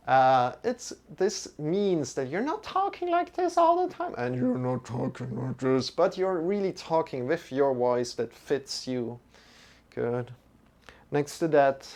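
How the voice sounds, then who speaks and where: A male yoga teacher talking through a live-streamed lesson in an unhurried, easygoing way. His voice is smooth and clean, sitting at an ordinary middle pitch. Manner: relaxed, chatty, greets viewers by name; slow, drawn-out mantra chanting.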